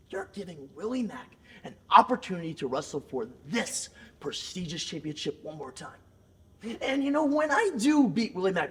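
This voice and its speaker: Mocking wrestler, hushed then yelling. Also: male voice, fairly high pitch. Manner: mocking, sing-song, swings from hushed to yelling. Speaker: wrestler cutting a promo. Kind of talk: taunting backstage promo.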